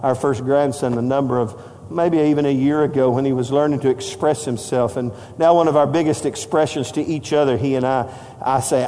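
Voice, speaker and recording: An older man preaching a sermon to his congregation, passionate, climbing into shouted lines. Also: mid-range voice, fairly even intonation, fairly quick, few pauses. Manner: impassioned, rising to shouts. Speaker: pastor. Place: church sanctuary. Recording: long hall reverb.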